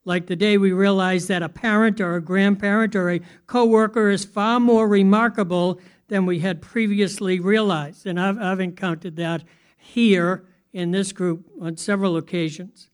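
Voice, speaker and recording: A man delivers a sermon with a notably high voice. He keeps it conversational and often turns to his listeners with questions. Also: steady tone, normal speed, clean tone. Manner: conversational, asks the audience questions. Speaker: pastor.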